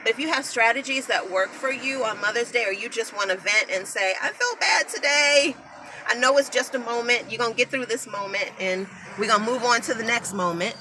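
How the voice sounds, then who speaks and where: A woman's voice: a little high, brisk, hardly any pauses, background noise. A middle-aged woman talking emotionally and rambling to her viewers on a phone live stream. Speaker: natural hair vlogger.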